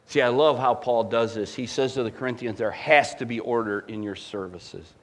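A man preaching a sermon as pastor, emphatic and animated, swinging between loud swells and quiet drops. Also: mid-range voice, normal speed.

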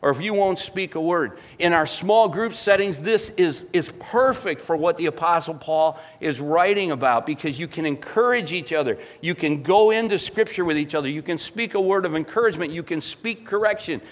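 A man delivers a sermon from the pulpit in a fairly high voice. He preaches with animated emphasis, building to loud peaks and then dropping low and quiet to drive a point home. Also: normal speed, few pauses. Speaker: pastor.

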